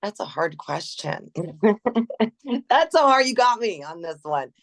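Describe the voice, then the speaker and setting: A woman's voice: mid-range voice, slow pace. A middle-aged woman, a gym manager, chatting in an interview, telling stories with laughs and acted-out quotes. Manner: animated, laughs often, acts out quoted voices. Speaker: gym general manager, guest. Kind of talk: casual interview storytelling.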